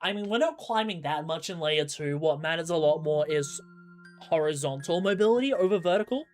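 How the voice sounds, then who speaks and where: A man's voice: fairly high pitch, animated, a little fast, soft background music. A man with an Australian accent giving rambling live commentary while he plays a game and talks to his chat. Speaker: gaming streamer.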